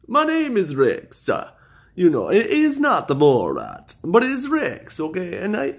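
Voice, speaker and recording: A man's voice: fairly high pitch, creaky, slightly rough, exaggerated voice. A man doing a ranting Borat-style accent. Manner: animated, ranting, halting repetitions. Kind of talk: comic impression monologue.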